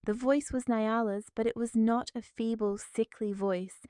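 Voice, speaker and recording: A woman tells a scripted family drama with steady, dramatic delivery. Her voice is mellow and smooth, and the recording is close and dry. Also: fairly high pitch, measured pace, no room sound. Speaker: narrator. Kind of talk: scripted story narration.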